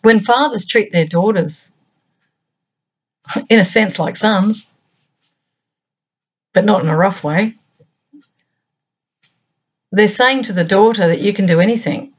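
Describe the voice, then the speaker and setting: Husky-voiced woman thinking aloud. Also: mid-range voice. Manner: thinking aloud in short, halting phrases. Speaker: channel host. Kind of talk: reflective spoken monologue.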